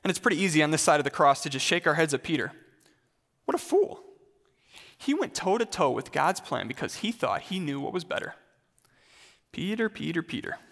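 A man's voice: fairly high pitch, animated, quick pace, hardly any pauses, a bit bright, big-room sound. A male pastor preaching a sermon in a conversational way, putting questions straight to the congregation.

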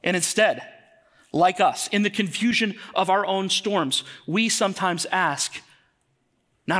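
A man's voice: high-pitched, a little slow, a bit bright. A man in his thirties preaching a sermon to a congregation in a conversational way, often asking them questions. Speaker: pastor. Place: church.

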